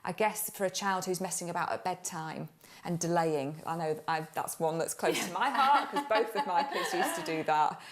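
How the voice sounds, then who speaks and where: A woman's voice: on the low side, moderate pace, few pauses. A woman, a mother of two, co-hosting a faith-based parenting chat and explaining ideas thoughtfully. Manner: thoughtful and explanatory, with frequent restarts.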